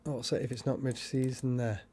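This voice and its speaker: Hosting a paranormal livestream, a man reads cards and comments while chatting casually and rambling. His mid-range voice is steady in tone, a little fast, and dark.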